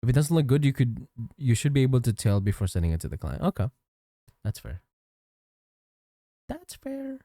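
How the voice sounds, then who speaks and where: A man's voice: mid-range voice, fast, hardly any pauses, no room sound, studio quality. A man streaming while he draws, chatting casually with his chat and thanking viewers. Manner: chatty, thanks chat, lively ups and downs. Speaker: livestreamer and digital artist.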